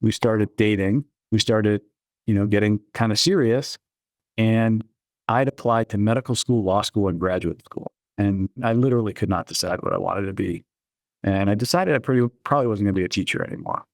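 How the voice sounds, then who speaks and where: A middle-aged man telling stories from his career in a relaxed, anecdotal way during an interview. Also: fairly low pitch, brisk, no room sound. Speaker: guest, chief innovation officer. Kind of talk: storytelling interview answers.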